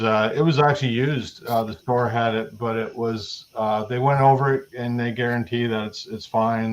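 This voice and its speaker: A man's voice: medium pitch, dull audio. A Canadian man chatting casually on a livestream podcast, rambling with many restarts. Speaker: podcast co-host. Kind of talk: casual chat.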